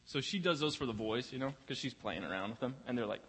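A man's voice: medium pitch, animated, quick pace, a bit bright, breathy edge. A young man preaching a sermon in a church, talking conversationally and often repeating words as he finds his place. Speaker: pastor. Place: church sanctuary. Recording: long reverb of a large hall.

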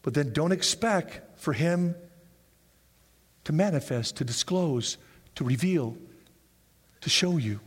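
A man preaching a sermon in a church, animated, acting out people's excuses in high voices. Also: slow pace, long pauses, breathy edge, long reverb tail. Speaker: pastor.

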